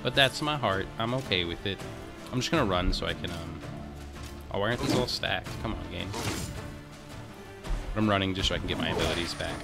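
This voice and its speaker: Over loud music, a let's play host chats his way through his own gameplay, addressing himself and the game with frequent restarts. His voice sits low with vocal fry and lively intonation, going fairly quick but broken by long pauses.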